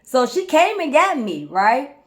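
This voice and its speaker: Woman, life coach, casual storytelling, animated, fairly high voice. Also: a little slow. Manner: animated, repeats "right?" and "guys", laughs often. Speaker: life coach, channel host.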